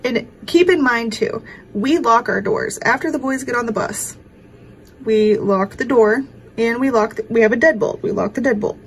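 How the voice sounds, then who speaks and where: A woman's voice: on the high side, moderate pace, a little hiss or hum, rough recording. A woman, telling a story to camera at home in a rambling, emotional way with many fillers. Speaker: craft vlogger. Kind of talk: casual chat to camera.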